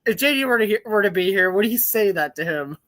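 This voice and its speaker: A man's voice: high voice, animated, fast talker, fairly bright tone. A man on a podcast in casual chat, rambling and laughing often.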